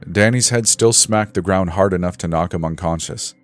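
A man narrating a horror story in a measured, dramatic storytelling voice. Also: low-pitched. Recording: faint background music.

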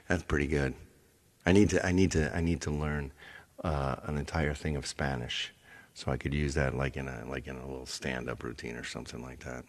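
Male host, very low and gravelly, loose rambling chat. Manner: rambling, full of fillers and restarts, chuckling. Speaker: show host. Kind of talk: rambling casual monologue.

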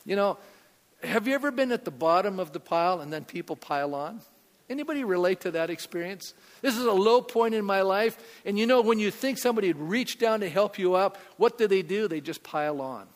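Male pastor, high voice, chatty sermon with questions to the pews, long hall reverb. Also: expressive, a little fast. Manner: conversational, asks the congregation questions.

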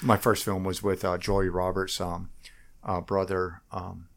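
Middle-aged guy, lowish voice, rambles and restarts a lot, interview chat. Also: little pitch movement. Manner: halting, rambling, frequent restarts. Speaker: political candidate. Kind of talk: casual interview talk.

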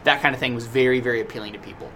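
A man in a loose podcast chat, with a bright, forceful tone. He thinks out loud and circles back through his points. A faint hum of fan noise sits behind him. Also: mid-range voice, steady tone, very fast. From United States. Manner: talkative, thinks aloud with many restarts. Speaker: podcast co-host. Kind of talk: casual podcast discussion. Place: small indoor room with a noisy fan.

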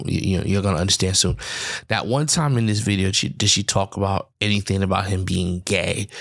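A man's voice: lowish voice, a bit bright, no echo, clean studio sound. A man hosting a podcast, giving heated opinion commentary and retelling events with many restarts. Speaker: podcast host.

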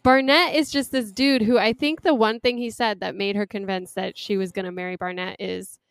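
A young woman in casual conversation, talking in a smooth, resonant voice with a lively, chatty flow. The sound is close and dry, with no room around her. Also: mid-range voice, no room sound. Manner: chatty and animated, quick laughs and acted-out quotes. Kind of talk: casual chat recapping a reality show.

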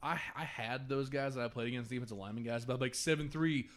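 A man's voice: medium pitch, fast talker. A man co-hosting a casual sports podcast, telling jokey stories about his own football days. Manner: animated, jokey storyteller. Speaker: podcast co-host.

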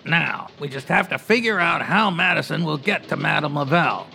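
An actor playing a gruff, businesslike city editor in an old-time radio-drama style. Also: mid-range voice, moderate pace, pushed and bright, faint music behind.

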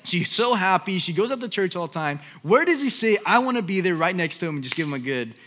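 A frantic, jealous husband pleads and rants in a high, strained voice, as a preacher acts him out mid-sermon. His bright, sharp tone pushes loud and fast. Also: big pitch swings. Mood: agitated.

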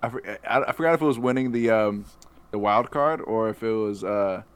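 Low-voiced young man joking around. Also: fairly quick, clear, resonant tone, dry recording. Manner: loose, joking, laughs along. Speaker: podcast co-host. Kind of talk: casual chat.

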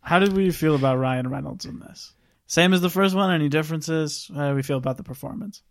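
A man's voice: a little high, a little fast. Easygoing man asking the questions. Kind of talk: casual movie discussion.

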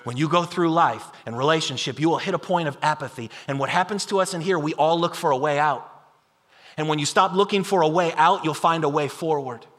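A man preaching a sermon in an animated, conversational way, acting out imagined voices of his listeners. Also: fairly high pitch, a little fast, big-room sound. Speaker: pastor.

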